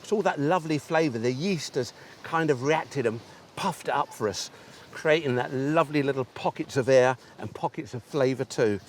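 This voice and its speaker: A man's voice: mid-range voice, normal speed, a little hiss or hum. A man hosting an outdoor cooking show, chatting enthusiastically and talking straight to the viewers as he demonstrates. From England. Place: outdoors on a beach.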